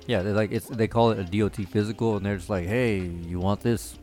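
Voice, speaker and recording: A man's voice: lowish voice, steady tone, racing, mellow, faint music behind. A man, telling stories in a casual, profane chat, often laughing as he talks.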